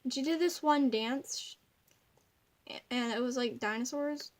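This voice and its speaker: A young woman makes a craft video at home, speaking a little slowly in a high voice. Her tutorial is rambling and giggly, and she's easily sidetracked off topic.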